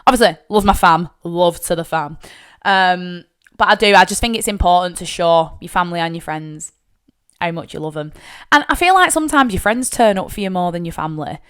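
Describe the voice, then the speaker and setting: A young Lancashire woman hosts a podcast, telling personal stories in a fairly quick, lowish voice with a clean tone. She's chatty and candid, swearing casually, and gets animated whenever she acts out her family. It's a storytelling monologue in a Northern English accent.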